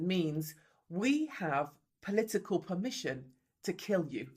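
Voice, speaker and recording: A woman's voice: fairly low pitch, sing-song, darkish tone, slightly rough. A woman reporter giving grave, emphatic scripted documentary narration. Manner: grave, emphatic, measured delivery.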